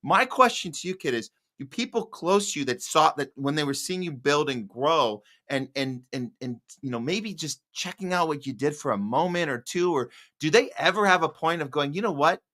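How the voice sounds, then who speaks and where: A man hosting a live political podcast, with a bright, forceful voice. He asks long, earnest questions, circling back and restarting as he goes, in easy casual chat. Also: on the high side, expressive, normal speed, few pauses. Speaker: podcast host. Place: Hollywood.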